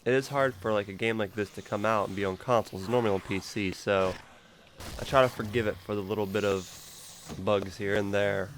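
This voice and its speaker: A man's voice: lowish voice, fairly even intonation, brisk, slight background noise. A man giving casual, rambling gameplay commentary as a gaming YouTuber. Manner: rambling, loose, laughs easily.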